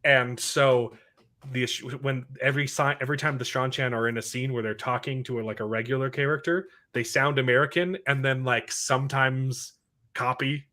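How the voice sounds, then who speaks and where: A man with a middle-pitched voice talks in a loose, sarcastic way, brushing things off and now and then sliding into mocking voices. He sounds like the host of a casual chat show. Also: little pitch movement, moderate pace, sharp tone. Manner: sarcastic, dismissive, mocks scenes in put-on voices.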